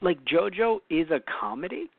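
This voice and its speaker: A man's voice: sits high, animated, moderate pace, gravelly, dry recording. A man from New York co-hosting a casual talk show, rambling and correcting himself with lots of fillers. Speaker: podcast co-host. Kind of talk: casual chat. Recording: dry, phone-like lo-fi audio.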